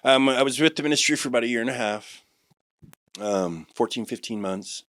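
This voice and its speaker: A man in his forties telling his life testimony on a podcast, rambling with many restarts and turning animated when he quotes others. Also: medium pitch, fairly quick, no room sound, studio quality. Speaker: guest sharing a testimony.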